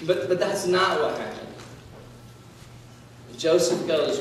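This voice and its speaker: A man giving a casual sermon, retelling a Bible story in a chatty, animated way with lots of fillers. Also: on the high side, slow, pauses often, slight background noise. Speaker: student speaker. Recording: echoey hall from far off.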